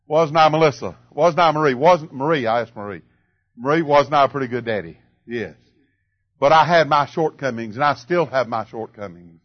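High-voiced older preacher, lo-fi church tape. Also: male voice. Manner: preaching with big swings from loud cries to low murmurs. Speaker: pastor. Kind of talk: sermon.

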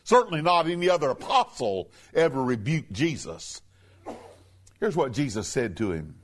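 A man preaching a sermon, talking plainly to his congregation and reading scripture aloud slowly and emphatically. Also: medium pitch, very animated. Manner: emphatic, reads scripture in a slow raised voice.

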